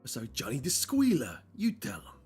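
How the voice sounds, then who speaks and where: A man doing an impression of a cartoon mob boss, slow and menacing in his drawl. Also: mid-range voice, wildly swooping pitch, darkish tone, breathy edge, faint music behind, full character voice. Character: smooth-talking male cartoon mob boss.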